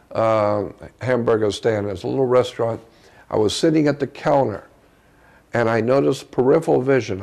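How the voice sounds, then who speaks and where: A man being interviewed as a guest, earnestly recounting a personal story in a halting way, often restarting his sentences. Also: medium pitch, creaky, darkish tone.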